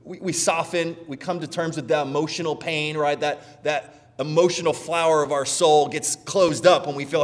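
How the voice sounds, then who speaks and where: A middle-aged man preaching a sermon as pastor, conversational and animated, often checking in with "right?". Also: on the high side, in a large hall.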